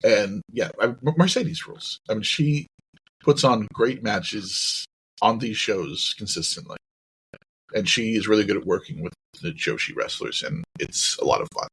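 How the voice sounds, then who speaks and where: A man's voice: on the low side, lively intonation, normal speed, a bit bright, husky, low-quality recording. A man hosting a podcast in casual chat, upbeat and leading the segments. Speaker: podcast host.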